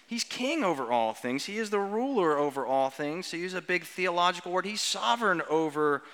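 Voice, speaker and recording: In a church sanctuary, a pastor with a bright, fairly high voice delivers an earnest, animated sermon at a normal pace. He draws out key words and poses questions to the children, his voice echoing with a long reverb.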